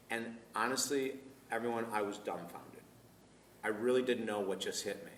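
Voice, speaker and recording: Male minister-teacher, animated storyteller, bright tone, roomy live recording with faint background noise. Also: lowish voice, normal speed, distant mic. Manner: animated, laughs often, acts out dialogue. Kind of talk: personal storytelling talk to a live group. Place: room filmed live.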